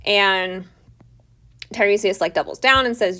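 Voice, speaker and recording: Expressive and a bit bright, her lowish, creaky voice moves at normal speed as she retells a play for a literature lesson. The teacher keeps it chatty, with frequent "like" fillers and conversational paraphrases of the characters.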